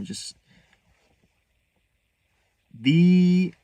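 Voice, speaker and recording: A young man with a lowish voice and plenty of vocal fry tells a personal story straight into the mic. His delivery is halting and earnest, full of restarts, with a hurt undertone. The sound is close and dry, with no room around it. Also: no echo. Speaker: vlogger.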